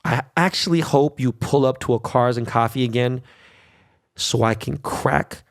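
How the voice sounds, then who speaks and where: Brash, gravelly male podcast host ranting. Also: mid-range voice, unhurried. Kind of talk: solo podcast rant.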